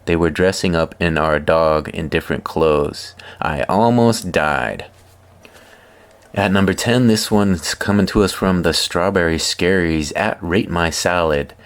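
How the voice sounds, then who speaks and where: A man hosting a comedy video, reading funny posts aloud with wry, deadpan asides. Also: sits low, a little slow. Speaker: host reading viewer posts.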